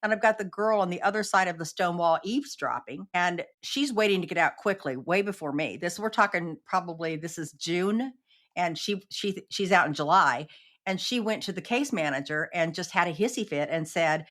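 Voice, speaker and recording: Woman, interview guest, earnest, animated storytelling, somewhat low pitch. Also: fairly quick. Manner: earnest, animated, acts out quoted exchanges. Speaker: podcast guest.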